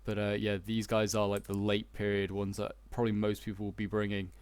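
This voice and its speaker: Young Yorkshire man, casual game commentary, hesitant and rambling, crisp close-mic sound, dead dry room. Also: fairly low pitch, completely flat delivery, a little fast, no echo. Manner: rambling, hesitant, many fillers and restarts. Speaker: gaming YouTuber.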